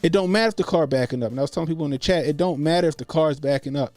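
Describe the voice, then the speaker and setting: Casual streamer, man, animated and profane, dry close mic. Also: on the high side, very fast, no echo, soft background music. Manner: animated, profane, acts out quotes. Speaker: host. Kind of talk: casual livestream commentary.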